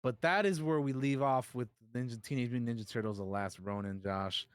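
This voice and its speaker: Excitable young man, dry close mic. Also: mid-range voice, fairly quick, smooth, dry recording. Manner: excited retelling, casual swearing. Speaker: podcast co-host. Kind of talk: casual chat.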